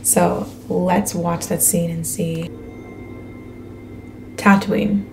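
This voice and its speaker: A young woman reacting out loud to a show, gasping and thinking aloud as she watches. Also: on the low side, fairly even intonation, extremely slow, music in the background. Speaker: reaction video host. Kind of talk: live reaction commentary.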